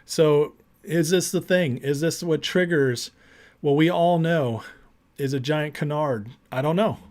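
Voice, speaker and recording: Brief: male commentary host, slightly high voice, emphatic and indignant rant. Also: a little slow, a little mellow. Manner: emphatic, indignant, repeats words. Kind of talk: ranting commentary.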